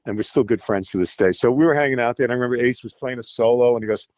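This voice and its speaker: A man's voice: medium pitch, very fast, dry recording. Older man telling stories animatedly. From United States. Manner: animated, acts out quoted voices. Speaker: guest musician. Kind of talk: storytelling interview.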